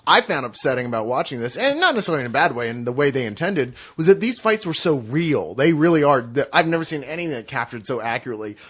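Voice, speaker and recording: A man's voice: mid-range voice, sing-song, fast, few pauses, fairly bright tone, breathy edge. A man co-hosting a casual film review podcast, earnest and thoughtful. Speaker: podcast co-host.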